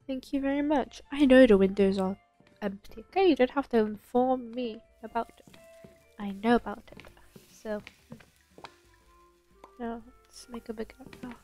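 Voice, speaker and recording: A woman's voice: fairly high pitch, moderate pace, pauses often, mellow. A young woman gives casual, easygoing commentary as she plays a bakery game. She talks to herself and greets the in-game customers in a chatty way. Faint game music plays behind her voice. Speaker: gaming channel host.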